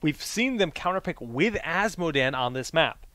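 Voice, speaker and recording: A man's voice: on the high side, moderate pace, dry recording. A young man casting an esports match and joking with his co-caster on a headset mic. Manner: animated, joking. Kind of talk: casual esports commentary.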